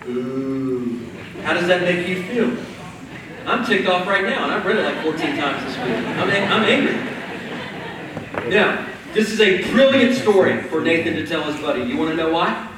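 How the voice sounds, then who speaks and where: A male pastor preaching a sermon as animated, conversational storytelling, heard from a distance in a large church hall. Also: sits high, noisy background. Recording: echoey hall from far off.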